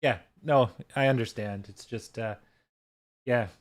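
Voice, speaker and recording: A man hosting a casual livestream, talking in a relaxed, loose way and swearing freely into a desk microphone. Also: medium pitch, measured pace, dry recording. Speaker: livestream host.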